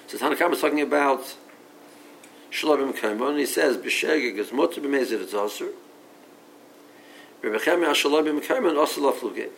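This Talmud lecture comes from a man with a medium-pitched, expressive voice who talks fairly quickly but leaves long pauses. He reasons aloud in English mixed with Aramaic and Hebrew, frequently restarting and repeating words. The recording is rough, with slight background noise.

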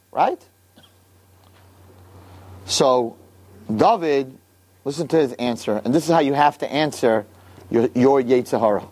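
A man teaching a religious lesson as a lively, colloquial story, mixing in Hebrew and Yiddish terms. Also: mid-range voice, a little slow, pauses often. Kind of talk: animated Bible storytelling lesson.

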